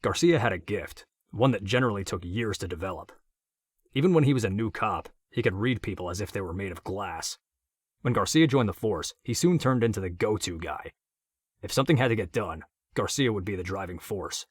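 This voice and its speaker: A man narrating an audiobook in a steady, matter-of-fact reading. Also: on the low side, a little fast, breathy edge, dry recording, studio quality.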